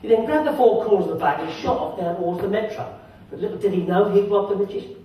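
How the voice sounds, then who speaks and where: A man's voice: high-pitched, quick pace, mellow. A man, a magician and comedian, telling a jokey story on stage and chatting with the audience. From England. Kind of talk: stand-up comic storytelling on stage. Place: holiday village entertainment venue. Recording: very echoey hall, distant, crowd noise.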